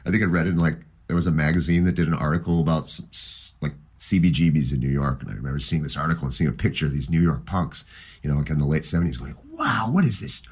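A middle-aged man chatting casually about music, rambling and animated, often laughing as he remembers. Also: rumbling low, quick pace, husky.

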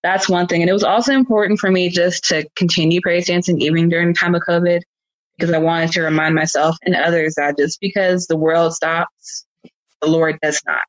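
A woman speaks earnestly and from the heart as a guest in a relaxed chat. Her voice comes through a slightly dull, muffled recording with a dry, close sound. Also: lowish voice, brisk, no room sound. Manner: earnest, heartfelt, laughs easily. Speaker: guest, praise dancer. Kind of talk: casual conversation.

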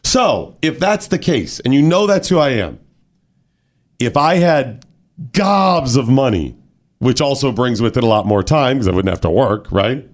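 A man hosting a morning radio talk show, chatting casually and telling stories with animated, drawn-out words. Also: mid-range voice. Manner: animated storyteller, stretches words for effect. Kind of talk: casual chat.

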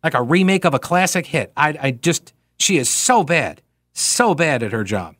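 A man's voice: on the high side, normal speed, dry recording. Sarcastic male talk radio host, dry studio. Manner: sarcastic, mocking, animated. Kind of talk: casual talk radio, reading listener mail.

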